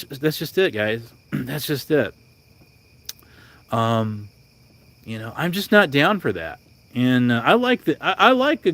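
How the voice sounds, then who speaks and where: A man's voice: a little high, a bit bright. A man hosting a livestream, ranting bluntly and rambling with many restarts. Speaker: livestream host. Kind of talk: casual livestream rant.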